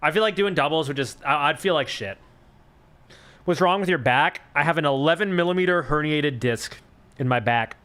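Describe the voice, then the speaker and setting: A man's voice: fairly high pitch, normal speed, fairly bright tone. A young man chatting casually on a live stream, telling a rambling story full of fillers and swearing.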